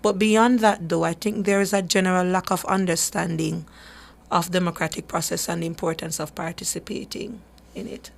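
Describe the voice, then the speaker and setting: A woman's voice: on the low side, steady tone, moderate pace, creaky, a little hiss or hum. Earnest woman on talk radio. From Jamaica. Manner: earnest, emphatic, with frequent restarts. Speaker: human rights advocate and radio host. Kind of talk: radio talk show discussion.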